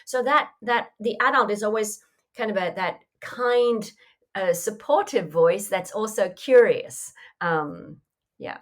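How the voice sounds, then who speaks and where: A woman's voice: mid-range voice, lively intonation, slow pace. Woman guest, reflective coach, talks it through in a mid-range voice. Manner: reflective, acts out inner voices in quotes, frequent "you know". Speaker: mindfulness coach, podcast guest. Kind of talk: conversational interview answer.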